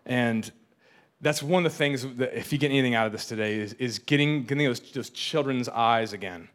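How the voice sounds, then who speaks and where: A man's voice: medium pitch, brisk, fairly bright tone. A young adult man preaching a casual, joking sermon, often repeating and restarting his words. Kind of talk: conversational sermon.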